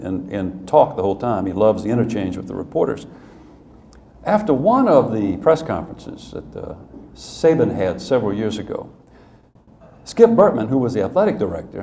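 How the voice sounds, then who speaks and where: A man giving a humorous storytelling speech as guest speaker at a club luncheon, conversational and animated, with asides. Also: lowish voice. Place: event hall at a club luncheon. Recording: echoey room with faint noise.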